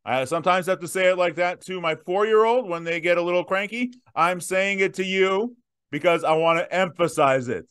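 A man in his thirties hosting a viewer Q&A, emphatic and direct, slowing down to stress his points. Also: sits high, a bit bright, clean tone. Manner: emphatic, punchy repetitions, slows down to stress points. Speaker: host answering viewer questions. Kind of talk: direct-to-camera Q&A.

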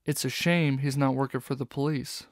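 A man's voice: medium pitch, steady tone, normal speed, no echo, clean studio sound, natural voice. A man voicing a tough female fox police inspector in a storybook, with stern, snapping retorts. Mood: clipped.

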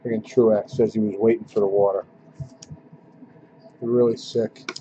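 A man's voice: on the low side, little pitch movement, moderate pace, dark tone, lo-fi sound, a little hiss or hum. A man hosting a casual card-opening break, grumbling and joking with his viewers.

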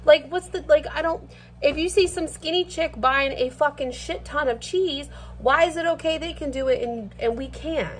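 A woman's voice: high voice, moderate pace. A woman ranting bluntly and swearing freely while she cooks in her kitchen for a vlog. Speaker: vlogger. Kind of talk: casual rant while cooking. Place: home kitchen.

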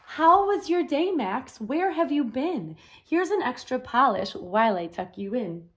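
A woman's voice: sits high, sing-song, measured pace, fairly bright tone, full character voice. A woman voicing a kind, caring man in a picture book who welcomes the taxi home. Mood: welcoming.

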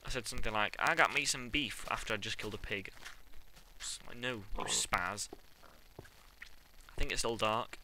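A man's voice: fairly low pitch, normal speed, long pauses, low-quality recording. Young man, jokey gaming commentary. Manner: jokey, panics and yells when chased. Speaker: let's play gamer. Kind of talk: game commentary. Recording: loud background noise.

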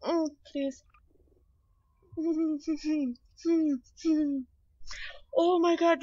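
A young woman commenting on her own gameplay, excitable and chatty, shrieking when startled. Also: fairly high pitch, unhurried, pauses often, muffled recording, slight background noise. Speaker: gamer. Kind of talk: let's play commentary.

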